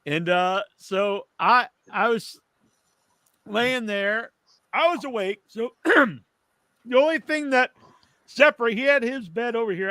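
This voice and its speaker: A man co-hosting a podcast who tells a rambling, animated story in a casual chat. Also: sits high, no echo. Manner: animated, rambling, restarts often. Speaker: podcast co-host.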